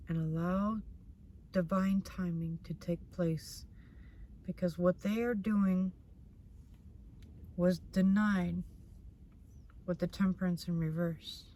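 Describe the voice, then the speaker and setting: A woman's voice: fairly low pitch, steady tone, slow, long pauses, warm tone, a little hiss or hum. A woman doing a casual tarot reading in a blunt manner. She swears freely and repeats herself. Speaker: tarot reader.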